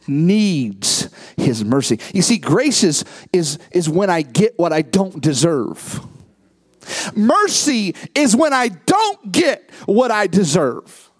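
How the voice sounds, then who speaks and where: A pastor preaching a sermon with impassioned rhetorical questions, swinging between hushed asides and shouted peaks. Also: medium pitch, slightly rough.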